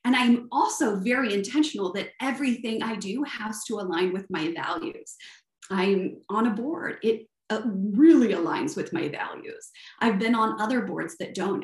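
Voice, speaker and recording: A middle-aged woman with a Southern US accent and a high-pitched voice gives an earnest motivational talk as a life coach, speaking a little slowly. She poses rhetorical questions and often adds "right?" at the end. The room is echoey.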